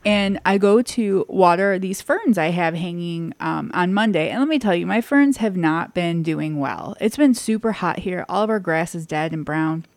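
Lively woman hosting a chatty podcast. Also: moderate pace, hardly any pauses, no echo. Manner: animated storyteller, voice jumps high when acting out her own panic. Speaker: podcast host. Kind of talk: casual chat.

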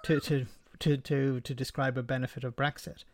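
A man's voice: medium pitch, level tone, normal speed, a little mellow, dry recording, studio quality. A man co-hosting a political discussion, explaining his points step by step and repeating words as he thinks. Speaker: podcast co-host. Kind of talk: casual political chat.

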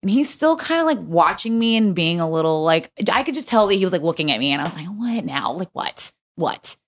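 A young woman on a podcast rattles through a workplace story at a quick clip, swearing freely and leaning on filler words. Her voice sits on the lower side for a woman. She tells it as easygoing, lively chat. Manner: animated, profane storytelling with many fillers. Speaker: podcast guest.

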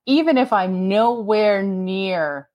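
A woman's voice: mid-range voice, slow pace, lo-fi sound. A woman from upstate New York, chatting casually as a guest. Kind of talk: casual chat.

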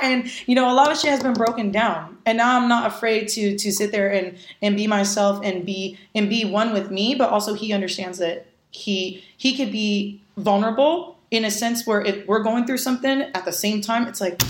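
A woman at a middling pitch, talking candidly and with emphasis in a relaxed podcast chat. She stresses her points and swears bluntly, and the room around her gives the voice a noticeable echo. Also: moderate pace. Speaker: podcast guest. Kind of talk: casual podcast conversation.

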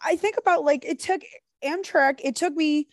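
A woman's voice: sits high, moderate pace, dry recording, clean studio sound. A woman co-hosting a podcast, reacting with jokes and casual swearing. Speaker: podcast co-host. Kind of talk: casual chat.

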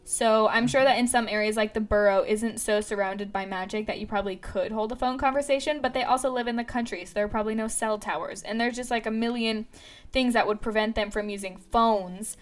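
A woman's voice: a little high, steady tone, brisk. A young woman with a Southern California accent, co-hosting a podcast in casual, chatty talk full of fillers and giggles. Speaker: podcast co-host. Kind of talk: casual chat.

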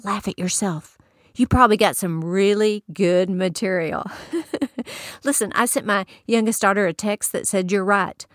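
A woman's voice: mid-range voice, measured pace, dry recording, studio quality. A woman giving a folksy inspirational sermon, telling stories and laughing often.

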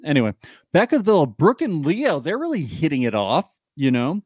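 A young man talking his way through a reality-show recap, sarcastic and joking, stopping often on "uh" and "um". His pitch swings widely as he talks, and the sound is close and dry with no room echo. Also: huge pitch swings, fairly quick. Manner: joking, sarcastic, many fillers. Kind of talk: casual chat.

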